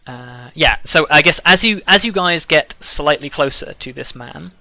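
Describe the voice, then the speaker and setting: Bright-voiced man running a tabletop game. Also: a little high, lively intonation, creaky, no echo, soft background music. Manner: halting, filler-heavy narration. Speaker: dungeon master.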